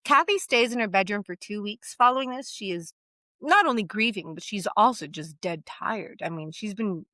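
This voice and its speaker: A young woman co-hosting a casual book discussion, animated, slipping into voices for characters. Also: medium pitch, moderate pace, dry recording. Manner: animated, acts out characters in quoted asides. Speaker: podcast co-host.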